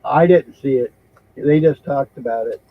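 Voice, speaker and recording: A man's voice: medium pitch, moderate pace, dry recording. A man hosting a casual podcast chat, telling a story in a rambling way, swearing casually and laughing easily. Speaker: host. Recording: dull lo-fi recording.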